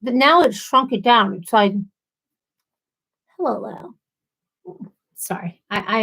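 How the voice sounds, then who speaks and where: A woman's voice: high voice, sing-song, slow pace, pauses often, fairly bright tone. A woman hosting a casual live stream, reading viewer comments aloud and answering them with sympathy and playful asides. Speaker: livestream host.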